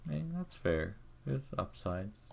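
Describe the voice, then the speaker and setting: A man's voice: lowish voice, a little slow, vocal fry, slight background noise. A man chatting casually on a live stream, teasing and crude in his humour. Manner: teasing, crude, animated joker.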